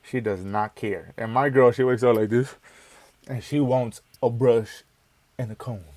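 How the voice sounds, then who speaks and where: A man's voice: medium pitch, fairly even intonation, a little slow, dry recording. A young man hosting a reaction video, joking and talking back to the screen in casual, cursing chatter. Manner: joking, talks back to the screen, swears freely. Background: loud song playing.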